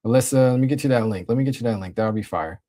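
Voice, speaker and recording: A man's voice: mid-range voice, very fast. Laid-back young man streaming to chat. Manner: laid-back slang-heavy, shouting out chat. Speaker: livestream host. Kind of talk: casual livestream chat reading viewers.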